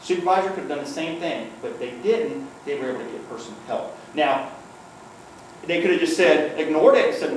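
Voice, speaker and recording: A workplace safety trainer who once served as a police liaison officer gives a conversational talk, his slightly high voice lively and fairly quick. He keeps checking in with "okay?" and tells stories with acted-out quotes, recorded far from the mic in an echoey room with faint noise.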